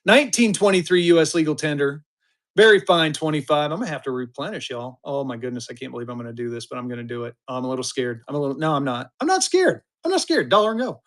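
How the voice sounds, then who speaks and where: A man's voice: mid-range voice, fast talker, a bit bright. A man in his fifties running a live-stream auction, with chatty, upbeat patter that hypes the bids. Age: 50s.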